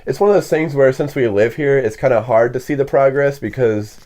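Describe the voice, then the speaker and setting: A man's voice: medium pitch, fairly quick, a little mellow. A young man who works on film sets, talking as a podcast guest in an easygoing, chatty way. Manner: easygoing, chatty, filler-heavy. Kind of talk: casual conversation.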